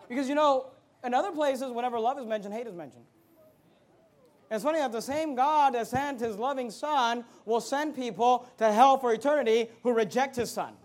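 A man pastor preaching a fiery sermon, moving between loud emphatic bursts and quiet asides. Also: very high-pitched, moderate pace.

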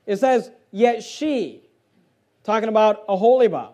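A male preacher with a very high voice delivers a forceful, emphatic sermon. He reads scripture in quieter stretches, then rises again to drive his points home. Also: measured pace. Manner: forceful, emphatic, shifts between loud preaching and quieter reading. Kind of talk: fiery sermon with scripture reading.

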